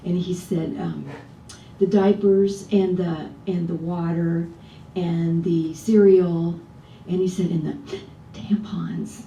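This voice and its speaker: Woman, minister, chatty conversational sermon, rhetorical questions, roomy echo, faint rumble. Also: flat delivery, slow, warm tone, highs cut off. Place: church sanctuary. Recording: roomy, distant church sound with faint rumble.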